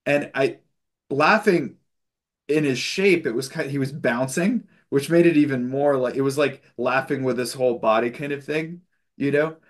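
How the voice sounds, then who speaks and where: A man's voice: mid-range voice, moderate pace. A man leading a spiritual discussion group on a video call, telling stories in a loose, chatty way with fillers and restarts and an occasional chuckle. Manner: loose storytelling with frequent fillers and self-corrections.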